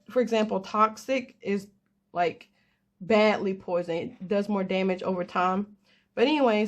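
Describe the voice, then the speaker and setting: Young woman chatting away casually, rambly and jokey about herself. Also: medium pitch. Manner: chatty, rambling, self-deprecating with laughs. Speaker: crafter and gamer. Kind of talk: casual storytelling chat.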